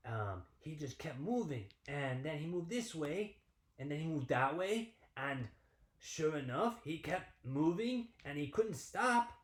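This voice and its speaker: A man, a PE teacher, telling a story to young children in an animated, sing-song way from home. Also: fairly high pitch, a little slow, reverberant.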